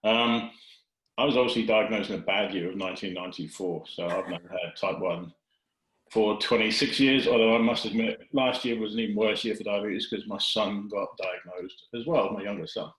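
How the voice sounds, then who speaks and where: A man from the UK, a guest on a video call, relaxed and self-deprecating. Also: lowish voice, a little fast. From United Kingdom. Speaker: guest advocate. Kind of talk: casual video chat. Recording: echoey room on a video call.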